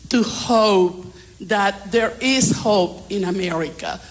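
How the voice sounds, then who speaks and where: A woman's voice: medium pitch, slow pace, low-quality recording. Earnest woman with Nicaraguan accent. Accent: Nicaraguan Spanish. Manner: earnest, heartfelt. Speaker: audience member.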